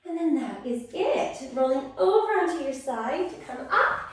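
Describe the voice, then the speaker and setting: A woman fitness instructor calmly cueing a core stability class step by step. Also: high voice, moderate pace. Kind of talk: guided exercise class. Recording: echoey room, far from mic.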